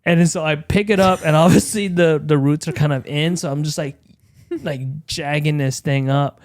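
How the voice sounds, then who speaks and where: A young man co-hosting a podcast, telling a story in an animated way with lots of swearing and loud acted-out yells. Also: fairly high pitch, normal speed, dry recording, studio quality. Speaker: podcast co-host. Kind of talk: casual chat.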